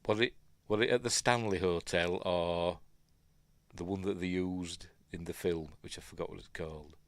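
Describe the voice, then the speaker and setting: A man's voice: sits low, steady tone, moderate pace, no echo. A middle-aged man with a Yorkshire accent, rambling casually through a film commentary with asides. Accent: Yorkshire English. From Yorkshire, England. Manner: chatty, rambling, self-deprecating asides. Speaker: film review host.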